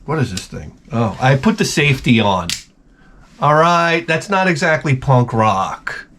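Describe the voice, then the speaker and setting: Profane rambling man with a lively voice. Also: mid-range voice, measured pace. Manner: profane, rambling, slips into mock voices for jokes. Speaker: vlogger opening packages. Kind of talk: crude comedic rambling vlog.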